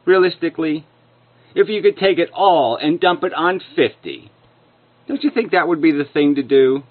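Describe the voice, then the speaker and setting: Angry guy ranting and swearing at someone, kinda high voice, tinny phone-ish audio. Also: animated, normal speed. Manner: furious, profane, insulting. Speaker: video commentator. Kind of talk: angry rebuttal rant. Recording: narrow phone-like lo-fi sound.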